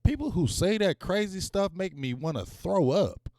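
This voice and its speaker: A man's voice: sits high, normal speed, dry recording, studio quality. A man hosting a live-streamed sports talk show, speaking in casual slang and calling out to his viewers. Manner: animated, talks straight to viewers, casual slang.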